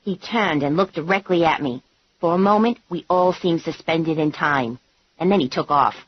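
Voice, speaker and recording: A woman reading a comic novel in the first person, with a wry, animated delivery. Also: deep voice, moderate pace, breathy edge, dry recording. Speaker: audiobook narrator. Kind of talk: scripted audiobook narration. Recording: dull, dry lo-fi recording.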